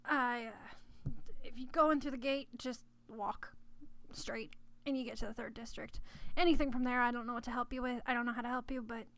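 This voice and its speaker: A woman voicing a male human city guard who is halting, apologetic and blunt. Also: fairly high pitch, steady tone, a bit bright.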